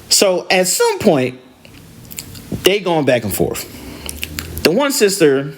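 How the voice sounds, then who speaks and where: Animated man telling a rideshare story. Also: sits high, slow, pauses often. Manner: animated, slangy, conversational. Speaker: podcast host and rideshare driver. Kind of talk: casual storytelling.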